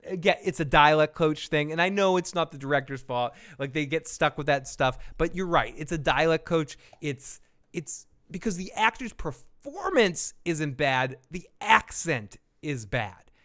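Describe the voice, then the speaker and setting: A man hosting a casual TV recap, with a fairly high, bright and forceful voice. He talks in an animated way, laughs often and jokes through the plot summary. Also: a little slow. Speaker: podcast host, TV recapper.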